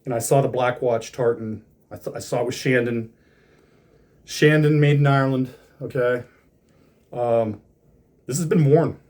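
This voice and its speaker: A man's voice: medium pitch, a little slow, pauses often, darkish tone. A man casually talking through an unboxing of hats, rambling with lots of fillers and restarts.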